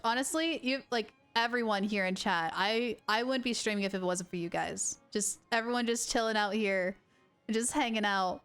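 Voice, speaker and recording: A young woman game streamer talking to her live chat in an excitable, gushing, giggly way. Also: mid-range voice, moderate pace, clean tone, faint music behind.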